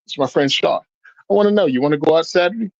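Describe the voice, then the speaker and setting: A man's voice: a little high, very fast, no echo, lo-fi sound. A man telling stories in casual chat as a podcast guest, acting out the voices of the people he quotes. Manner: animated storyteller, acts out quoted voices.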